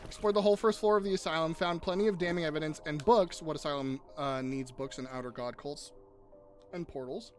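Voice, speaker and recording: A young man chatting casually on a live gaming stream, jokey and swearing, quick to tear up. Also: on the high side, soft background music. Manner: animated, swearing, jokey, easily teary.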